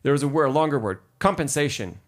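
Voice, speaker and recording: A man's voice: a little high, lively intonation, fast talker. A man teaching piano in a live-stream lesson who patiently explains rhythm, counts beats aloud and answers chat questions.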